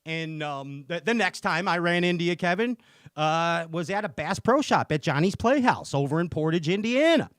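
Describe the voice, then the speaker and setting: Man, podcast host, animated, higher pitch, swings up and down, dry. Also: moderate pace, dry recording. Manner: animated storyteller, laughs often. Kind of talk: casual interview chat.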